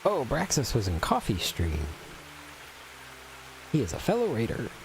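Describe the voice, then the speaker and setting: During a game stream, a man from Texas chats casually with viewers in a put-on somber, theatrical voice through a filtered desk microphone. His pitch is medium but swoops wildly, his speed is normal, and there's a little hiss or hum.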